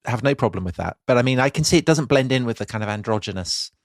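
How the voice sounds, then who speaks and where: A man with a Dutch accent co-hosting a history podcast, chipping in with quick quips and teasing asides. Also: mid-range voice, lively intonation, no room sound, clean studio sound. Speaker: podcast co-host. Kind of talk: casual chat.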